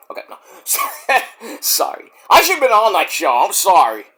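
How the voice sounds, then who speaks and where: A man's voice: high-pitched, lively intonation, moderate pace, sharp tone. A man reviewing a wrestling show in a casual, rambling rant, crude and profane, and full of jokes.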